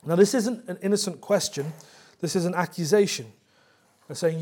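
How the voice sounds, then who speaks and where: High-voiced man preaching a sermon. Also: moderate pace, a little mellow, breathy edge. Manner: earnest expository preaching, rising to emphatic. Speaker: pastor.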